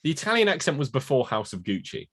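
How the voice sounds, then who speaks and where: A man's voice: mid-range voice, very animated, quick pace, a bit bright, husky. A British man hosting a podcast in playful, teasing chat. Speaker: podcast host and editor. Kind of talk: casual chat.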